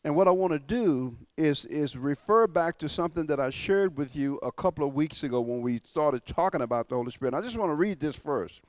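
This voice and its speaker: A male pastor preaching a sermon to his church, emphatic and slowing down to stress key words, often repeating and restarting. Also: fairly high pitch, expressive, dry recording.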